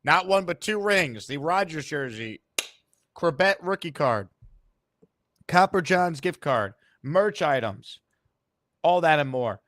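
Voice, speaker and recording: A man hosting a live call-in sports show, talking quickly and upbeat, often repeating words. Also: fairly high pitch, lively intonation, a bit bright, no echo. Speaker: host.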